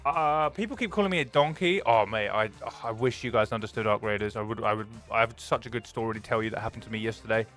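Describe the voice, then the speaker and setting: A young man, live streaming and chatting casually with viewers, greeting them by name and telling excitable stories. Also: lowish voice, quick pace, few pauses, faint music behind.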